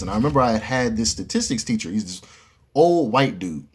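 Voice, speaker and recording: Animated young man telling a story. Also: lowish voice, normal speed, breathy edge. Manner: animated, slangy and profane, with frequent asides to the viewer. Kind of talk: casual storytime monologue.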